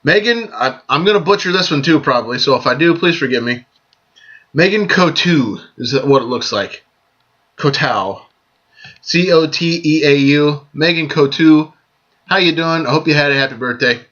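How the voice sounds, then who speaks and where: Man, casual vlog shout-outs, friendly and joking, bright voice, dull lo-fi sound. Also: fairly high pitch, a little fast. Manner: friendly, joking, stumbles and repeats phrases. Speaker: vlog host giving birthday shout-outs.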